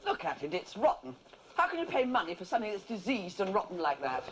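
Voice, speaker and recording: An actress playing a distraught, bitter housewife in a film, complaining in a shrill, overwrought way. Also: female voice, big pitch swings, quick pace, a bit bright. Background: film score.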